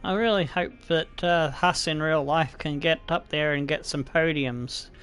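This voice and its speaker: Australian man, high voice, slow unhurried talk, excited racing commentary, swears a lot, faint music behind. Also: clear, resonant tone. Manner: animated, swearing, talks to the car. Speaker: gaming video creator.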